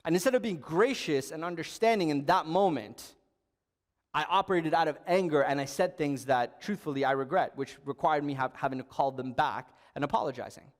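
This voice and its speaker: A man's voice: fairly high pitch, fairly quick, long reverb tail. A young adult man giving a sermon as a youth pastor, telling a story in a conversational way with bursts of emphasis.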